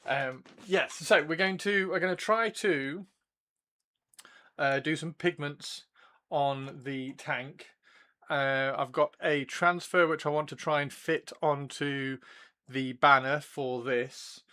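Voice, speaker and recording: Male streamer, bright voice, rambling and giggly, chatting to viewers while he works on models. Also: a little high, slow pace. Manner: chatty, repeats himself, laughs often. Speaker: livestream host. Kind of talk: casual chat while building models.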